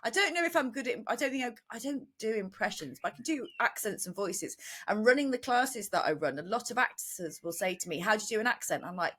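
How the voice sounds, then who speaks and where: A woman's voice: on the high side, lively intonation, a bit bright, slightly rough. Woman, acting teacher and co-host, easygoing anecdotal chat. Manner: agreeable, quick affirmations, anecdotal. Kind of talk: casual chat.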